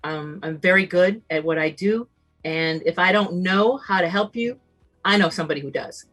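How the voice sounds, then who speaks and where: A woman's voice: lowish voice, normal speed, fairly bright tone, faint music behind. A middle-aged woman who hosts a long-running radio talk show, speaking as a guest, confident and service-minded. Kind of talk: guest interview on a live video show.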